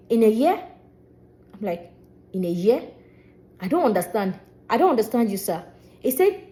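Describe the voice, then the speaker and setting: A young Nigerian woman with a Nigerian accent, a singer and vlogger, telling her own story in a casual, animated way with bits of Pidgin. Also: mid-range voice. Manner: animated, expressive retelling with Nigerian Pidgin touches.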